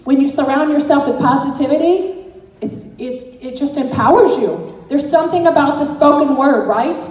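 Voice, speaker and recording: Middle-aged woman, high voice, earnest motivational speaker, recorded from far off in a hall. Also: moderate pace, a little mellow. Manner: earnest, encouraging storyteller. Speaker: direct sales team director. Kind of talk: motivational talk to an audience.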